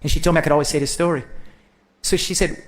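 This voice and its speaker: A man's voice: on the high side, fairly even intonation, quick pace. A man, a state senator giving a folksy, storytelling farewell speech to the legislature.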